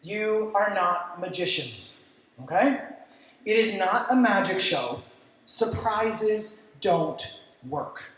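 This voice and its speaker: A man gives an energetic talk at a creative industry event. He acts out clients' reactions and drops the odd casual swear word. His voice rings through a large, very echoey hall. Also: high voice, slow. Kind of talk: stage talk with practical lessons.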